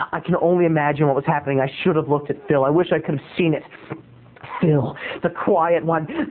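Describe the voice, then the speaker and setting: High-voiced man rambling through a tinny line. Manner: rambling, stammering restarts, sudden loud outbursts. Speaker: comedy show host. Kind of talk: comic storytelling monologue. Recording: tinny phone-like lo-fi audio.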